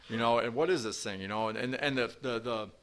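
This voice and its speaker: A man's voice: mid-range voice, quick pace, fairly bright tone. A man telling his recovery story at a meeting, rambling with lots of fillers and restarts. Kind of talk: personal recovery talk. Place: meeting room with audience.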